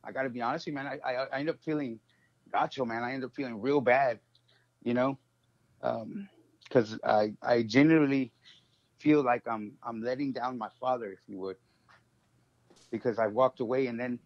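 Man, halting and emotional, lots of fillers, dull dry phone sound. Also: mid-range voice, steady tone, no room sound. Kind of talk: heartfelt personal sharing.

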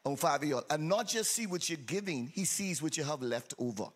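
Preaching to a congregation with call-and-response, this pastor is exuberant and teasing, calling out to the crowd in a sing-song manner. He speaks on the high side and a little fast, while churchgoers murmur faintly in the sanctuary.

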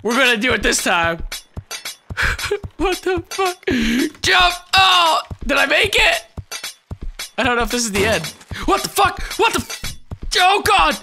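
An excitable man narrates his gameplay in a high, sharp voice that swings all over its range. He yells, swears and laughs as he reacts. Game music plays faintly behind him. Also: measured pace, long pauses. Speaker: gaming YouTuber. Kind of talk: let's-play commentary.

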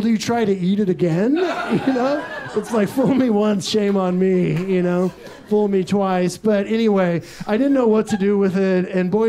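High-voiced young Texan man doing stand-up. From Texas. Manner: deadpan absurd storytelling with quick asides. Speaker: stand-up comedian. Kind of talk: live stand-up set. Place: comedy club stage with audience laughter.

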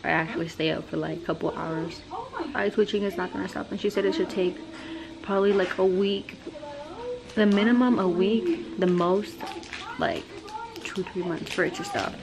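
A young woman casually vlogs on her phone, rambling with plenty of fillers and chatting to her toddler son. Her voice runs on the low side, the recording quality is poor, and loud street and traffic noise surrounds her.

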